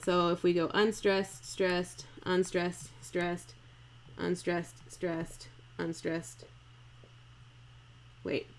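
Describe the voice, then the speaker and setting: Woman, acting coach, casual live stream, slow and deliberate, chatty, irreverent, reads verse aloud to test the meter. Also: fairly low pitch, level tone.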